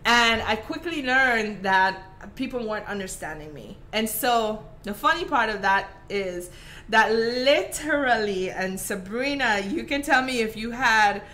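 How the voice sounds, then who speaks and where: A woman from Saint Croix with a softened Virgin Islands Caribbean accent, chatting casually with viewers during a live craft tutorial. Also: on the high side, animated, measured pace. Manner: chatty, talks to viewers by name with many fillers. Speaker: craft stream host.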